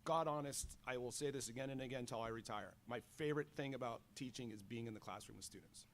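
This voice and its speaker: Man, middle-aged, college teacher, casual radio interview, animated storytelling, many fillers. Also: mid-range voice, fast, a little hiss or hum.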